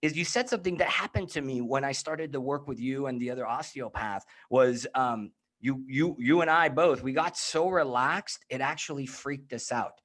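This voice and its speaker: A man's voice: mid-range voice, normal speed, few pauses, fairly bright tone. A man hosting a casual podcast conversation, talking in a reflective, searching way with frequent restarts. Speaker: host.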